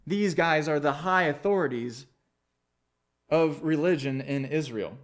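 A man preaching a sermon, reading scripture, praying, then telling a story in a relaxed, conversational way. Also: on the high side, measured pace. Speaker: pastor.

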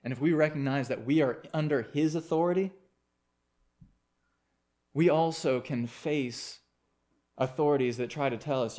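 A man preaching a sermon, reading scripture, praying, then telling a story in a relaxed, conversational way. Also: a little high, normal speed, pauses often. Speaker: pastor.

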